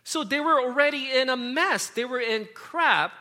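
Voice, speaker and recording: High, bright-voiced man preaching casually. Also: normal speed. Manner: casual, rambling, frequent fillers and self-corrections. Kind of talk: conversational sermon.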